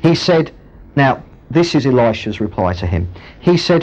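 A man preaching a sermon, retelling a Bible story with lively storytelling. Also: mid-range voice, normal speed. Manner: storytelling, animated, acts out the characters. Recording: muffled lo-fi recording.

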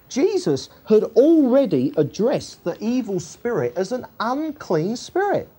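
A woman's voice: a little high, sing-song, a little slow, mellow, husky. A woman teaching the Bible in a chatty, colloquial way, reading verses and checking in with tag questions.

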